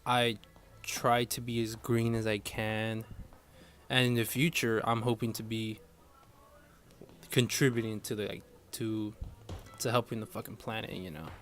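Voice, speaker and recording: A man's voice: fairly low pitch, level tone, a little slow, long pauses, fairly bright tone, soft background music. A young man ranting casually to his viewers, rambling and swearing often in frustration. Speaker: vlogger. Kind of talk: casual profane rant.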